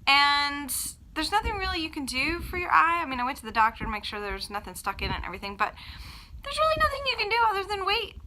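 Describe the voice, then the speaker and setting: Bright, high-voiced chatty woman. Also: fast talker, a little hiss or hum, poor audio. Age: adult with children. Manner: chatty, animated retelling with acted-out quotes. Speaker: vlogger. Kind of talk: casual storytelling vlog.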